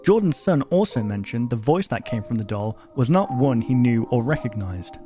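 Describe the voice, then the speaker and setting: A man hosting a reaction video, reading a horror story aloud in an even tone and breaking off with sudden loud exclamations. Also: mid-range voice, normal speed, faint music behind.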